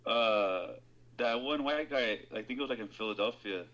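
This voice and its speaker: A man's voice: medium pitch, normal speed, a bit bright, highs cut off. A man in casual chat as a podcast co-host, rambling, swearing and laughing a lot.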